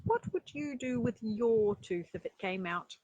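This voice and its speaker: A woman reading a children's story aloud, breaking off for chatty asides and rhetorical questions to her listeners, with a breathy voice. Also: a little high, expressive, measured pace, mellow, dry recording, lo-fi sound. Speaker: storyteller and life coach.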